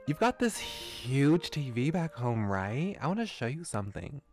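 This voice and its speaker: Bubbly high-voiced Valley Girl schoolboy, teenage, eager; a male streamer puts it on. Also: very animated, unhurried, darkish tone, soft background music. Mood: upbeat.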